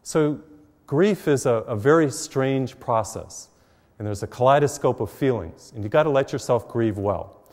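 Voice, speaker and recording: A man's voice: mid-range voice, animated, moderate pace, darkish tone, in a large hall. A middle-aged man, a priest, giving a conversational televised sermon full of personal stories, recorded in a church. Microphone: mic while facing cameras.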